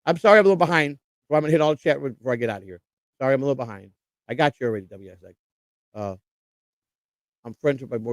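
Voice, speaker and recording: A man's voice: mid-range voice, creaky, dry recording. A man hosting a live stream, reading viewers' comments aloud and answering them in a rambling, blunt way, with some swearing. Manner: blunt street-tough talk with swearing. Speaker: livestream host. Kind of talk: casual live chat reading.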